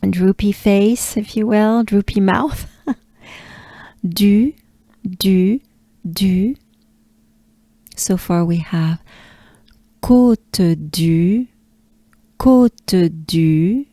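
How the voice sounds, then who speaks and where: A woman with a French accent, a pronunciation coach who repeats each word slowly and patiently and cues the listener to breathe. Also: mid-range voice, dark tone, no room sound. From France. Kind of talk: slow pronunciation lesson.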